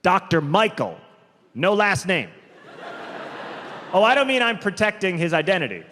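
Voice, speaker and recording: A man performing a stand-up comedy set on stage, telling stories deliberately and drawn out, with quick asides. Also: sits high, very animated, pushed and bright. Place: large theater stage. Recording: live comedy hall with long reverb, faint crowd noise.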